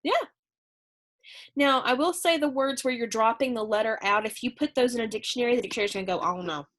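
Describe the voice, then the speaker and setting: A woman's voice: on the high side, fast talker, fairly bright tone. A woman teaching a middle school English lesson in a chatty, conversational way, explaining with fillers and asides. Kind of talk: recorded remote lesson.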